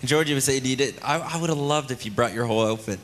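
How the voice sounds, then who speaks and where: A man's voice: medium pitch, fast, a little hiss or hum. A man hosting a talent show on a ship's stage with a handheld mic, teasing and joking with contestants. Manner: teasing, playful banter with contestants. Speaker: cruise ship talent show host. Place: ship theater stage.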